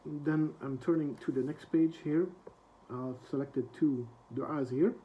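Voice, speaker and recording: A man with a slightly high voice teaches a reflective book lesson. He recites quoted prayers quickly, then translates them slowly and softly, with many hesitations. The recording sounds dull and lo-fi. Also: fairly even intonation, a little hiss or hum. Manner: soft-spoken, with frequent hesitations.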